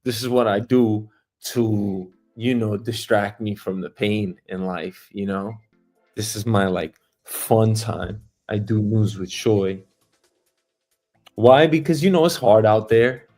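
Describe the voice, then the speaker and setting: A man's voice: fairly low pitch, slow pace, a little mellow, soft background music. A man hosting his own livestream, ranting casually with lots of swearing and mocking laughs. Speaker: livestream host.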